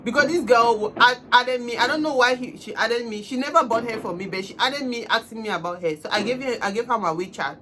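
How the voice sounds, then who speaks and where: A woman's voice: a little high, brisk, few pauses, slight background noise. Emotional woman telling a story. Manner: emotional, swinging from soft murmurs to loud outbursts. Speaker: vlogger. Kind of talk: casual storytime chat.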